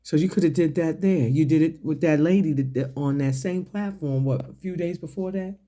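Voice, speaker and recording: A man's voice: fairly high pitch, warm tone. A man giving a profane, confrontational rant to his audience, mocking and questioning someone point by point. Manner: slow, deliberate delivery with pointed questions. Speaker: online commentator. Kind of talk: ranting commentary to camera.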